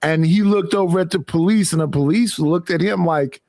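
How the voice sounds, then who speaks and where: A man on a talk show, somewhat high-voiced, telling profane stories that he acts out as he goes. His voice sounds dry and close to the microphone, with no room around it. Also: normal speed, no room sound. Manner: profane, animated storytelling with acted quotes. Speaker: podcast host. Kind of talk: casual storytelling.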